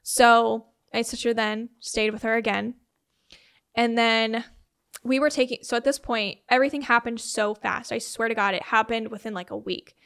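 Young woman, interview guest, slightly high voice, chatty and filler-heavy storytelling. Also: fairly even intonation, moderate pace, vocal fry, fairly bright tone, clear, resonant tone. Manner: conversational, many "like" and "um" fillers, quotes family members in retelling. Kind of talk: personal storytelling in a sit-down interview.

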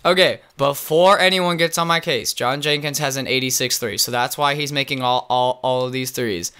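A young man commentating his own basketball video game, muttering, then shouting at big plays. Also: medium pitch, normal speed, clear, resonant tone. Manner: swings between muttering and excited shouting. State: nervous, voice strained. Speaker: gaming YouTuber. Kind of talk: live gameplay commentary.

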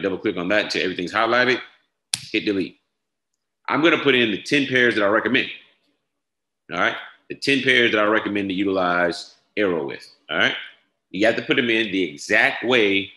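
A man giving a step-by-step software tutorial, repeating each instruction and checking in with "all right?". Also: sits low. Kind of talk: screen-share tutorial walkthrough. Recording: echoey room.

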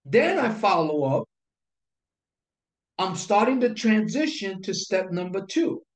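A man's voice: high voice, big pitch swings, slow, long pauses. Man, sales coach, emphatic, repeats key points, rhetorical questions, roomy echo. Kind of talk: instructional talk to camera. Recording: echoey room.

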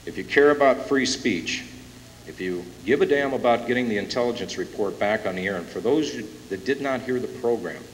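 A man's voice: medium pitch, expressive, brisk. A man emceeing a conference, introducing the keynote speaker with rising emotion. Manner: emotional, building to loud announcements. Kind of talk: impassioned rally introduction. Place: conference hall with a live audience. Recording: echoey hall from far off, hissy tape.

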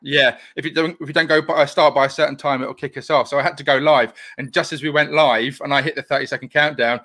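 Male live-stream host, slightly high, bright tone, easygoing and rambling. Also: steady tone, quick pace. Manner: chatty, rambling, laughs often. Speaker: host of a live online interview. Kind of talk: casual live-stream interview. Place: home, live video call.

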